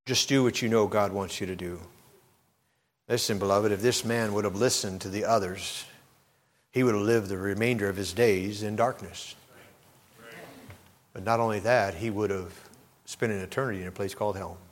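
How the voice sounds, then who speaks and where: A middle-aged male pastor preaching a sermon, swinging from low, earnest talk up to loud, impassioned outbursts. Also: fairly even intonation, normal speed, long pauses. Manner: preacherly, rises to loud impassioned shouts when quoting.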